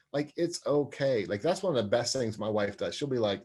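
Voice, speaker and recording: A man in his forties talks as an interview guest, earnest and expansive. He often laughs at his own shortcomings. His pitch and energy sit in an ordinary middle range. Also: a little fast, few pauses, a little mellow, slightly rough. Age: 40s. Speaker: sports psychologist and parenting guest. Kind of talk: conversational interview.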